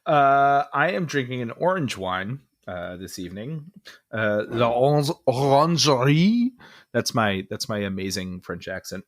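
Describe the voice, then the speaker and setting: A young man with a low voice co-hosts a casual podcast. He talks loosely and rambles, filling gaps with "uh" and "um" as he thinks. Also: normal speed. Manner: relaxed, rambling, lots of fillers. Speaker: podcast co-host. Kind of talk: casual chat.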